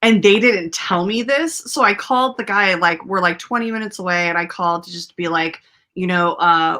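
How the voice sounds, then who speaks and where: A young woman hosting a casual chat, her voice bright and a touch low. She rambles through a story with plenty of fillers and laughs along the way. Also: moderate pace. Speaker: podcast host.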